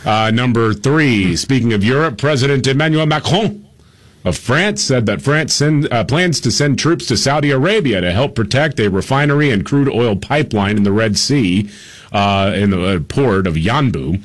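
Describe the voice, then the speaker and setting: A man with a husky, slightly rough voice co-hosts a radio show from a studio. He reads headlines casually, pausing on "uh" and laughing between stories. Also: mid-range voice, animated. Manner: laughs often, many "uh" pauses while reading headlines. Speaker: radio co-host reading the top stories.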